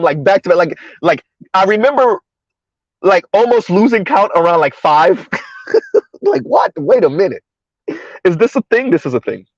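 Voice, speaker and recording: A commentary vlogger from South Florida, with a high-pitched voice, chats to his viewers as he drives through floodwater, repeating himself and laughing frequently. The lo-fi audio carries no room sound.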